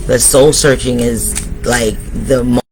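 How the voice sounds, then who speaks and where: A man's voice: mid-range voice, steady tone, slow, music in the background, poor audio. A man giving a tarot reading, speaking straight to his viewers and urging them on. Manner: motivational, addresses viewers directly. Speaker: tarot reader.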